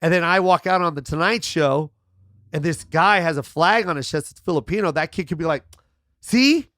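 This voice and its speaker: An animated middle-aged man chatting on a podcast, acting out every voice in his stories. His voice sits a little high for a man. The sound is close and dry, with no room around it. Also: a little fast, dry recording. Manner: animated storyteller, acts out quotes, swears freely. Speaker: guest comedian. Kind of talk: casual podcast chat.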